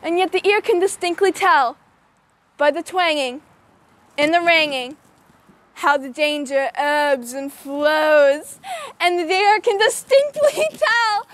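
A woman's voice: high-pitched, slow pace, no room sound. A woman giving a theatrical poetry recitation, building up to cries on the refrains. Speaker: student performer.

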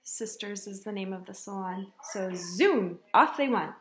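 A woman teacher reading a picture book aloud to children, telling it in an expressive, unhurried way. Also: mid-range voice, a little hiss or hum. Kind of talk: storybook read-aloud. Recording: echoey room.

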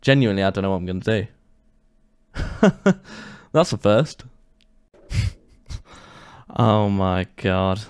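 This gaming YouTuber has a deep, clean voice, speaks a little slowly and leaves long pauses. His casual gameplay commentary turns into frustrated rants laced with swearing.

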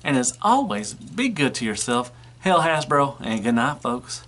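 A man's voice: mid-range voice, very animated, unhurried, fairly bright tone. A man giving a casual toy review, rambling and filling gaps with "you know".

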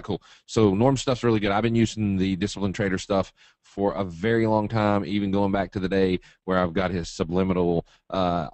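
A man's voice: low-pitched, dry recording. A man from Eastern Kentucky with a Southern drawl, presenting a live trading webinar in a folksy, joking, straight-talking way.

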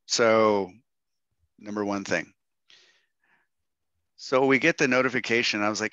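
Middle-aged man, storyteller speaker; low, bright voice, animated quotes; dry, muffled call audio. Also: no room sound. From Texas. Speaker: guest speaker. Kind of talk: storytelling talk to a workshop audience.

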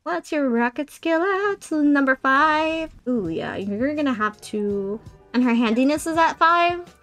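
A woman's voice: sits high, animated, a little slow, fairly bright tone, soft background music. A woman giving casual let's-play commentary, chatting to viewers and playfully scolding her game characters. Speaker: gameplay streamer.

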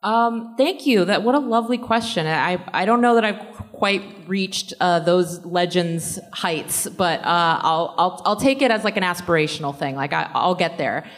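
Lowish woman rambling thru fan q&a, laughs a lot. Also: normal speed, few pauses. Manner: casual, laughs often, rambling. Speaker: panel guest actor. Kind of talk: convention panel Q&A.

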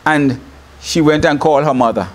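A man's voice: fairly high pitch, moderate pace. A man with a Trinidad and Tobago accent preaching a broadcast sermon, telling the story animatedly and laughing often. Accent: Trinidad and Tobago English. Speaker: bishop, preacher.

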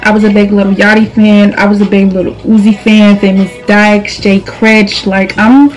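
A woman's voice: medium pitch, level tone, normal speed, poor audio. A young woman from New York chatting casually through a makeup tutorial, sassy and direct, calling viewers girl and boo. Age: young adult. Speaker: beauty vlogger. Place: indoors at a vanity.

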